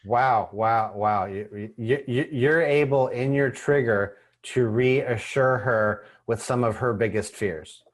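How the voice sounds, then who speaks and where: A man's voice: medium pitch, slow pace, hardly any pauses. A man hosting an interview as a couples counselor, affirming his guest and speaking with many fillers. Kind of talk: interview conversation.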